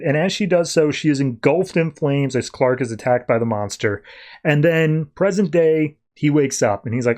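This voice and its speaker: A man hosting a podcast, casually recapping a comic book story and slipping into quick voiced quotes of the characters. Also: on the high side, a little mellow. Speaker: podcast host.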